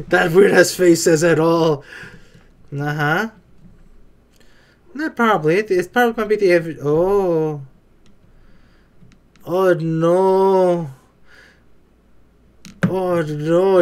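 A YouTuber reacting to an anime, with casual joking commentary and sudden excited outbursts. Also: medium pitch, measured pace, pauses often.

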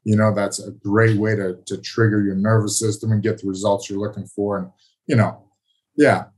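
Husky laid-back man, low voice. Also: flat delivery, moderate pace, a little mellow. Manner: laid-back, self-mocking, rambling. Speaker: podcast guest, former fighter. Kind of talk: casual interview talk.

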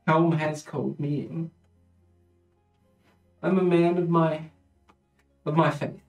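Man as an aging devout cleric, resigned and stern, voice a touch high, heard from a distance with music behind. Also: level tone, slow. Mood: solemn. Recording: roomy room, distant mic, music underneath.

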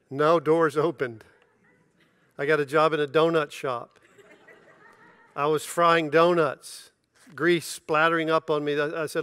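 A man's voice: on the high side, measured pace, smooth, dry recording, studio quality. A middle-aged man preaching a sermon as pastor, telling personal stories with animation and acting out the dialogue. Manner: storytelling, animated, acts out dialogue with laughter.

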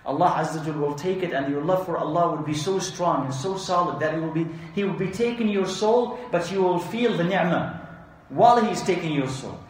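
A man giving an Islamic lesson, reading Arabic texts quickly and explaining them in English with frequent rhetorical questions. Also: a little high, animated, a little hiss or hum. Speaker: Islamic teacher. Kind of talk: religious lesson explaining hadith. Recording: very echoey room.

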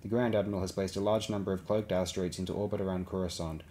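A man's voice: sits low, steady tone, dark tone, slight background noise. Man reading a guarded woman leader. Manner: careful, guarded, measured. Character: guarded female leader under pressure.

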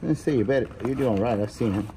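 Joking playfully as he sorts through his finds, a man vlogs casually from inside a storage unit, chatting while he unboxes. He speaks fast at a medium pitch, with a noisy background.

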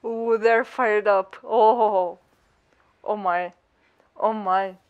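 A woman's voice: mid-range voice, fairly even intonation, very slow, darkish tone, muffled recording. A woman reacting to an anime episode as she watches, gasping, squealing and gushing, while saying she feels unwell. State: unwell, not feeling great. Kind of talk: excited live reaction commentary.

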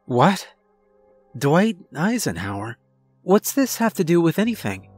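A man's voice: fairly high pitch, big pitch swings, unhurried, a little mellow, dry recording, soft background music, voice pushed up. A man voicing a frightened, confused young woman, speaking urgently with rising panic. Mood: panicked.

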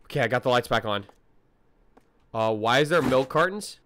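A man giving let's play commentary to his chat, excitable and full of slangy exclamations as he reacts to the game. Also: medium pitch, normal speed, a little hiss or hum. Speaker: gaming video creator.

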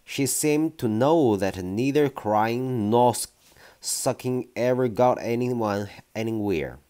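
A man reading a children's novel aloud in an unhurried storytelling manner, with small slips. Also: mid-range voice, warm tone. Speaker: reader.

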